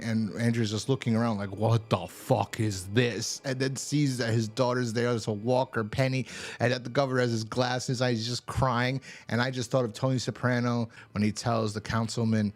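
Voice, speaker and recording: A man's voice: medium pitch, steady tone, a little fast. A man casually recapping a TV episode, rambling and swearing as he acts out the characters' lines. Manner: rambling, profane, acts out quotes. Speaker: TV show reviewer.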